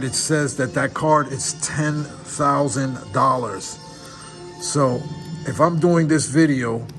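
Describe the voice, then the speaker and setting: A man's voice: medium pitch, fairly bright tone. A man opening trading card packs on camera, awestruck and repeating exclamations of wonder. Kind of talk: excited unboxing commentary. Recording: background music.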